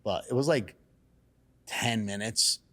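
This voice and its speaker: A man, a salon owner, telling a story in casual chat, animated and cursing freely. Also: lowish voice, takes it slowly. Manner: animated, acts out quotes in raised excited voices. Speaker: salon and barbershop owner, guest.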